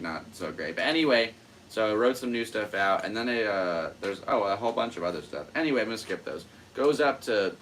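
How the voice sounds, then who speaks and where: A man's voice: fairly low pitch, a bit bright, a little hiss or hum. A young man and podcast host chatting casually about his stand-up comedy, rambling and full of fillers. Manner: rambling, self-amused, lots of fillers. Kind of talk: casual solo chat.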